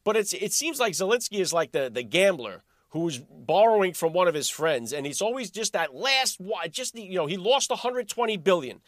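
A man hosting his own political podcast, talking in a high, animated voice that leans hard on sarcasm and rhetorical questions. The sound is close and dry, with no room around it. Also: moderate pace, few pauses, no room sound. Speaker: podcast host. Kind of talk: political commentary monologue.

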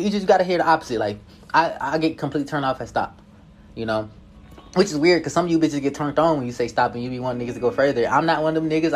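A young man telling a casual story in a profane, slangy, animated way, full of filler tags. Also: medium pitch.

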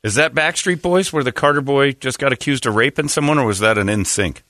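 A man co-hosting a casual comedy chat, animated and quick to joke and laugh. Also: medium pitch, no echo, studio quality. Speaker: co-host.

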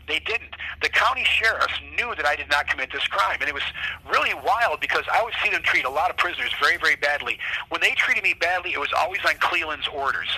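Guy being interviewed, super bright husky voice, swears a lot, acts out the people he quotes. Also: fairly high pitch, fast talker, low-quality recording. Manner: animated storytelling, swears freely; acts out what others said to him. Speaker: interview guest. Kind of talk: casual interview.

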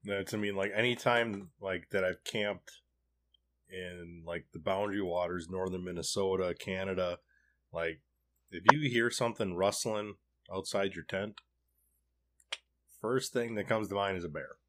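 A man's voice: sits low, fairly even intonation, unhurried, fairly bright tone. A man hosting a casual chat, talking loosely with many fillers.

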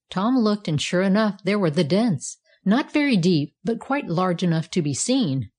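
A woman narrating a children's storybook in a clear, measured way. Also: mid-range voice, big pitch swings, darkish tone. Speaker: reader.

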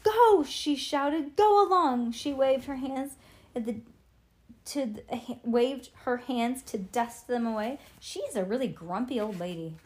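A woman's voice: on the high side, a little slow, dark tone. A woman reading a children's book aloud in a playful way, adding chatty asides to her listener. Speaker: storybook reader.

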